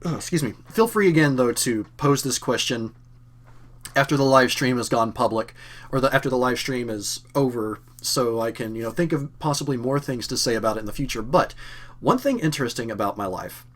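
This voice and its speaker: A man's voice: mid-range voice, brisk. Young guy from kentucky, hint of southern accent, rambly live stream chat, lots of ums. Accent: faint Southern. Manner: rambling with fillers and self-corrections. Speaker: channel host.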